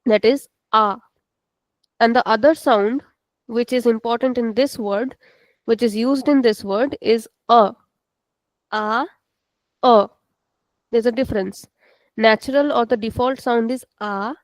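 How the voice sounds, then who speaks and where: A patient woman teaching an online language lesson to students, repeating words slowly and explaining each sound. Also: a little high, darkish tone, no room sound, poor audio.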